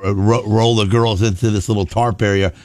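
A man's voice: lowish voice, fairly even intonation, a little fast, darkish tone, no room sound, clean studio sound. A man in casual chat as a radio show co-host, chiming in and adding details. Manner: chiming in, laughing along.

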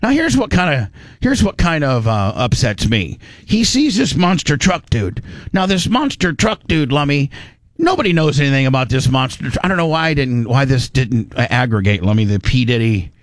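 A man hosting a casual radio show, rambling through stories with lots of restarts and animated asides. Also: mid-range voice, moderate pace, no room sound. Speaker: show host.

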